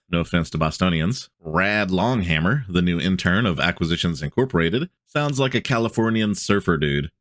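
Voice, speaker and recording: A man's voice: low-pitched, a bit bright, dry recording, clean studio sound. A man hosting a tabletop gaming video, reading a blog post aloud and breaking off into casual joking asides.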